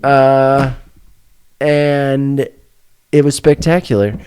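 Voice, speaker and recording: A man's voice: mid-range voice, flat delivery, extremely slow, darkish tone, clear, resonant tone. A man co-hosting a podcast in casual chat, joking, laughing and rambling as he talks. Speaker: podcast co-host.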